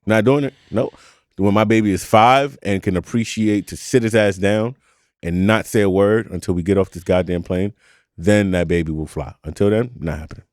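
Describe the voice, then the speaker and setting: Lowish guy on a podcast going off, cussing and laughing, dry close mic. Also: moderate pace, no room sound. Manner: animated ranting, profane, laughs a lot. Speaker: podcast co-host. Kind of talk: casual chat.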